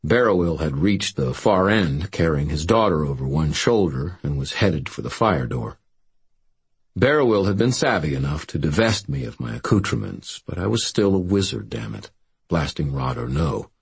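A man reading a first-person story aloud as an audiobook narrator, telling it in a steady storytelling way. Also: low voice, moderate pace, creaky, slightly rough.

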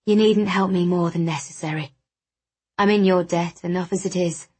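A woman reading the lines of a proud, scarred young man, soft-spoken and breathy. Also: fairly low pitch, fairly even intonation, normal speed. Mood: subdued.

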